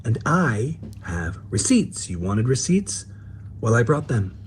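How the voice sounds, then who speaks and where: A man's voice: mid-range voice, very animated, takes it slowly, a little hiss or hum. A man playing a paranoid woman commentator in a parody sketch, talking mock-serious and theatrical with swooping emphasis.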